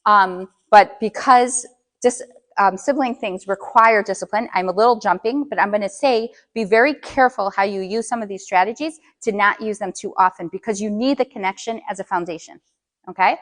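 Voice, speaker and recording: A woman's voice: mid-range voice, moderate pace, a bit bright. A middle-aged woman coaching parents in a live workshop, checking in with the audience with frequent questions.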